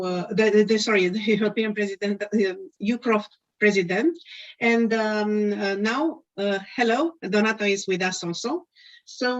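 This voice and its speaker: Halting woman hosting a video call. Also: mid-range voice. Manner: halting, many fillers and restarts. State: losing her voice. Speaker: conference host. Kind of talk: hesitant live introduction. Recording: dull lo-fi video call audio.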